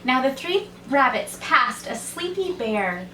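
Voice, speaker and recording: A woman reads a children's story aloud as a teacher, in a slow, gentle storytelling manner. Her voice is bright and a little high. She sounds far from the mic, in a roomy, echoing space with faint background ambience. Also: sing-song, slight background noise.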